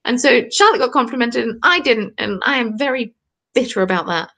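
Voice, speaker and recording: Her voice on the high side and sharp in tone, a woman in her twenties from southern England talks a little fast. She hosts a crafting channel, knitting on a live stream from a cold home while casually answering viewer comments.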